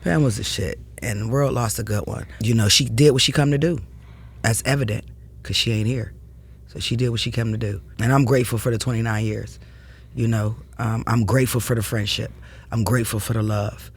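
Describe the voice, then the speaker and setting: A woman's voice: extremely low pitch, steady tone, fairly quick, slightly rough. A woman speaking as a podcast guest in an emotional conversation, earnest and heartfelt with casual slang.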